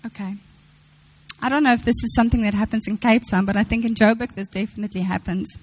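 A woman's voice: a little high, fairly even intonation, quick pace, low-quality recording. A young woman preaching a sermon to women, earnest, repeating phrases and acting out quotes.

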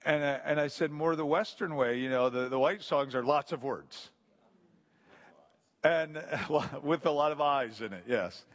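A man's voice: fairly high pitch, measured pace, a bit bright. A man giving an informal sermon to a group, conversational and story-driven, with frequent restarts and asides. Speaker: pastor or Bible teacher.

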